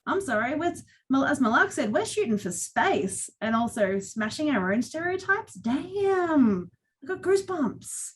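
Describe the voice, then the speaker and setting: Lively woman telling stories. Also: high-pitched, measured pace. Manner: animated storytelling with acted quotes. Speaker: panelist. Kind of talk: panel discussion.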